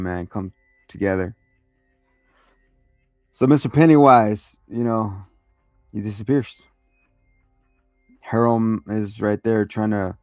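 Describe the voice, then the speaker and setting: A man's voice: on the low side, a little mellow, no echo. A man hosting a show, giving a rambling, profane, casual recap of a TV episode and acting out lines. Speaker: show host reviewing a TV episode.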